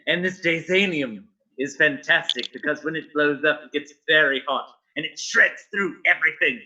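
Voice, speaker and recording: A man's voice: fairly high pitch, moderate pace, pushed and bright. A man playing a tabletop game, rambling through self-assured explanations in character. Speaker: player. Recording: distant dull sound.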